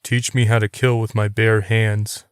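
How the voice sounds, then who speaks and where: A man's voice: on the low side, level tone, measured pace, clean tone, dry recording, clean studio sound, lightly acted. A man reading as a tense, bitter young man. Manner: strained, barely controlled. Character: young man, tense, holding back rage.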